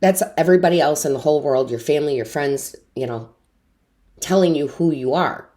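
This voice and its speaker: A woman's voice: deep voice, a little fast, dark tone. A woman giving an intuitive tarot reading to camera, earnest and encouraging, often asking rhetorical questions. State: tearful, emotionally overwhelmed. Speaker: tarot reader.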